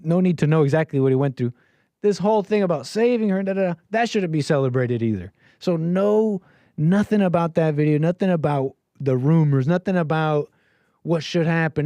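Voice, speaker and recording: A man with a slightly high, warm voice hosts a call-in livestream, animatedly reacting to clips at a normal speed. His commentary is casual and rambling, packed with fillers, and carries a sarcastic, dismissive edge. There's no echo.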